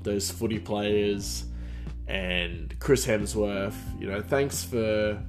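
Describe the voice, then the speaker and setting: A man hosting a podcast tells a casual story in a rambling way, trailing off and restarting often. His voice sits a little low for a man. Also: drawn-out words, music in the background. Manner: rambling, full of fillers and restarts. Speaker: podcast host.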